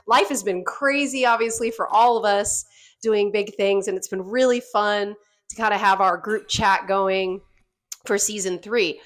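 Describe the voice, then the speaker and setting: A woman in her thirties tells a story on a podcast with lots of energy. She laughs easily and acts out what people said. Her voice sits at an ordinary middle pitch. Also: measured pace. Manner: animated, laughs often, acts out quotes. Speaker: podcast guest. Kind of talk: casual storytelling chat.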